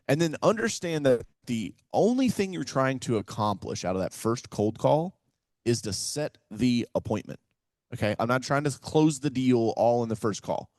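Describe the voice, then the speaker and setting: A mid-range, fairly quick voice with no echo belongs to a real estate investor from Kentucky on a casual podcast interview. An energetic, animated storyteller with a folksy style, he acts out phone calls and peppers his talk with "man" and "right?"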